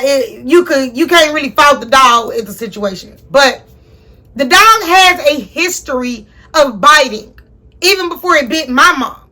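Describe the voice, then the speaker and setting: A young woman telling a personal story to her viewers in a casual, profane, animated way. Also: high-pitched. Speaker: storyteller host.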